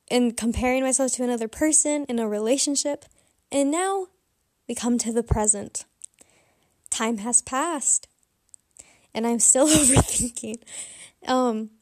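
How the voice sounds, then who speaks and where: Young woman w a high voice rambling thru a personal story, super candid, dry close sound. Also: a little mellow, no room sound. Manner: candid, rambling, self-reflective. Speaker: vlogger. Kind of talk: casual confessional storytelling.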